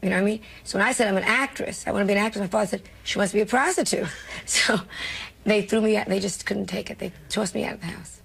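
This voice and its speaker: A woman's voice: medium pitch, steady tone, fast, vocal fry, slightly rough. An older woman with a New York accent, a comedian telling brash, self-mocking stories in an interview. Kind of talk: candid interview storytelling.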